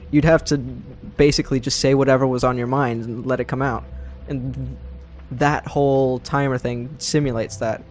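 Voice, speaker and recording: A young man hosting a let's play, chatting casually and self-deprecatingly about the game. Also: medium pitch. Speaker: gaming channel host.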